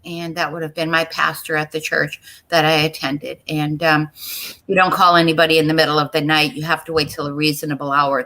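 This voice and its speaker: A middle-aged woman, a guest on a video-call interview, giving an earnest personal account, halting and repeating herself as she speaks straight to the listeners. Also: lowish voice, pushed and bright, rough recording.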